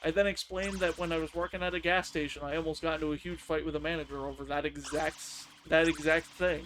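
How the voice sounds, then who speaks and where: A man streaming a game, telling work stories in a casual, animated way and acting out his coworkers' lines. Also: on the high side, fast talker, a little hiss or hum. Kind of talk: casual storytelling on a live stream.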